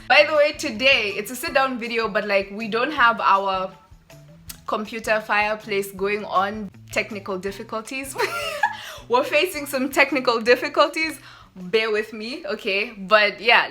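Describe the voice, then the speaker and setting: Bright-voiced woman vlogging. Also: medium pitch. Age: 20s. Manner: animated, laughing, mimics others. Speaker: YouTuber. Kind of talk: sit-down vlog. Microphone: phone camera.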